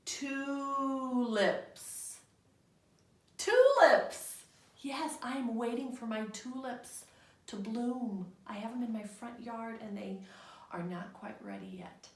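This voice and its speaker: Heard somewhat off-mic in a roomy home recording, a kindergarten teacher leads young children through a remote lesson on the calendar and rebus words. Her slightly high voice is steady, unhurried and darkish in tone, taking on a patient, sing-song quality with call-and-response.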